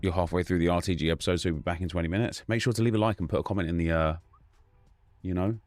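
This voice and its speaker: A man's voice: deep voice, steady tone, very fast, a little mellow, dry recording, faint music behind. A man hosting a gaming live stream, casually greeting viewers by name in a loose, chatty way.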